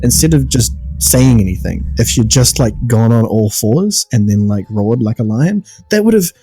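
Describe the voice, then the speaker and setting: A man's voice: medium pitch, animated, normal speed, warm tone, husky, dry recording, faint music behind, poor audio. A man co-hosting a podcast in casual chat, critical of the show and full of laughing asides. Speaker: podcast co-host.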